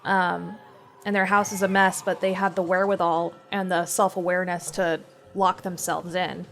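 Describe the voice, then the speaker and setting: A woman's voice: lowish voice, flat delivery, normal speed, gravelly, a bit bright. A woman co-hosting a gameplay video, chatty and supportive, talking with lots of fillers. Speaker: let's play co-host. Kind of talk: casual gameplay chat.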